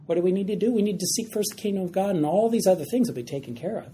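A man with a high, warm voice races along animatedly as he teaches a Bible study class. He keeps it conversational, often checking in with the group by asking "all right?", and faint background noise is audible.

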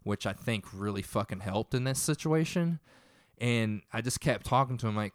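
A man's voice: mid-range voice, expressive, normal speed, no room sound, studio quality. A young man casually retelling a tense story in a profane, rambling way.

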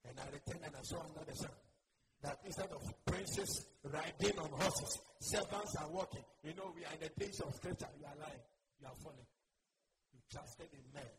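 A man preaching a fiery sermon, swinging between loud declarations and hushed asides. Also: on the high side, moderate pace. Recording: loud background noise.

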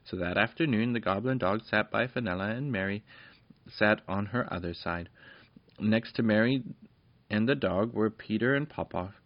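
A man reads a children's fairy story aloud, homely and chatty, now and then turning to the listener. His voice is low, and the close, dry recording sounds dull and lo-fi. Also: normal speed, no room sound. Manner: warm, homely reading with asides.

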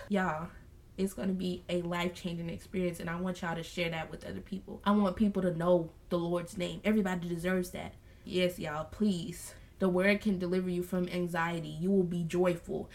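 This podcast host is a woman leading a casual Bible study, addressing her audience as y'all in an earnest, somewhat preachy manner. Her voice sits in the mid-range, and she goes on to read scripture slowly and softly.

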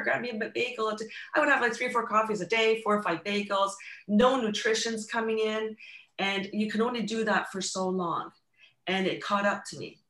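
A woman's voice: mid-range voice, fairly bright tone, echoey room. A middle-aged woman, a guest telling her own recovery story in an earnest, reflective way, often restarting mid-thought. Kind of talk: candid personal storytelling.

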